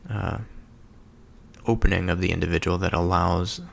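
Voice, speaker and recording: Very deep, gravelly man musing slowly. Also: fairly even intonation. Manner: slow, halting, with many pauses and fillers. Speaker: solo speaker reflecting on scripture. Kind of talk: contemplative scripture reading and reflection.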